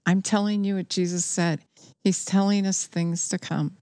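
A woman's voice: medium pitch, fairly even intonation, moderate pace, dark tone, no room sound, studio quality. A woman preaching a sermon, earnest and urgent, telling listeners what she says she has heard and urging them to act.

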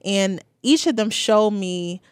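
A woman's voice: mid-range voice, lively intonation, slow pace, clean tone, no echo. Chatty young woman. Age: 20s. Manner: chatty, heartfelt, with many fillers. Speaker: podcast host. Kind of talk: casual personal monologue.

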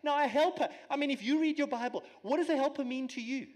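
A man giving a sermon as a guest preacher, animated and teaching with everyday examples and asides. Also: very high-pitched, fast, big-room sound. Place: church.

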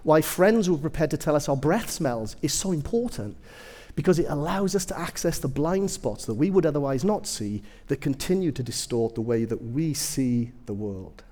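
A man's voice: on the high side, moderate pace, hardly any pauses. Guy preaching, bouncy voice that swings all over, echoey hall, jokey stories. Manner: animated, humorous storytelling, self-deprecating asides. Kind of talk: sermon with personal stories.

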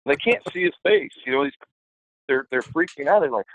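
Gravelly man telling a story over a phone line. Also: a little high, a little fast, slight background noise. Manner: animated, lively anecdote with quoted voices. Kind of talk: casual storytelling.

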